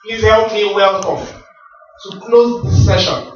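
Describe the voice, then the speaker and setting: A man's voice: sits high, steady tone, slow, a little hiss or hum. A man giving a motivational talk at a business rally, with a preacherly way of asking the audience questions and answering them himself. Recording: very echoey hall, distant mic, dull sound.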